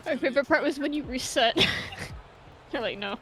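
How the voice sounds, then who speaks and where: A woman's voice: high-pitched, expressive, moderate pace, pushed and bright, slight background noise. A young woman guest on a game stream, chatting casually and teasing the host. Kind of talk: casual chat.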